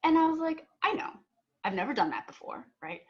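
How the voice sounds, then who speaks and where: A woman's voice: high voice, very animated, a little fast, dull audio. A young adult woman on a panel, earnestly telling a personal story and acting out both sides of an argument, with filler words and restarts. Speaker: panel speaker.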